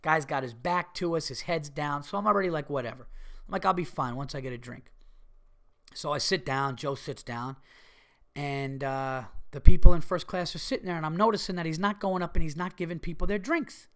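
A man telling a story in a casual, animated way, swearing freely and acting out the people he quotes. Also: on the high side, fairly quick, smooth. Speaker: podcast host.

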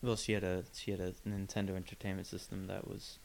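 A man trading deadpan comebacks on a comedy podcast. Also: deep voice, quick pace, gravelly, a little hiss or hum. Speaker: podcast co-host. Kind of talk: comedic banter.

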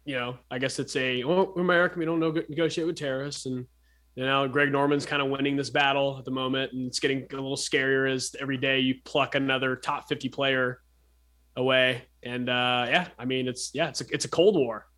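A man co-hosting a sports podcast talks in a loose, rambling way, full of fillers and jokes. His voice is bright and forceful, at an ordinary pitch for a man. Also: little pitch movement, brisk. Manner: rambling, joking, lots of fillers and restarts. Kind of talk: casual sports chat.

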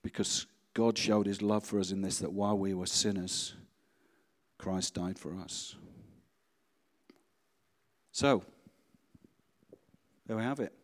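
A man preaching a sermon and leading a congregation in quiet prayer. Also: deep voice, fairly even intonation, slow pace, pauses often, long reverb tail. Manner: reads a story aloud, then speaks softly and prayerfully. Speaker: pastor.

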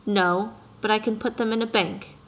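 A woman's voice: mid-range voice, steady tone, moderate pace, a bit bright, lightly acted, poor audio. A fussy, self-important businessman speaks with precise, slightly raised force, as a woman reading an audiobook puts him on. He is peevish and pompous, a middle-aged man sure of his own importance.

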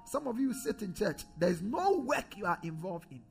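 A pastor preaching a sermon, calling on the congregation to repeat phrases, swinging from loud declarations to low quiet asides. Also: male voice, big pitch swings, normal speed, vocal fry, breathy edge, soft background music. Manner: preaching with call-and-response to the congregation.

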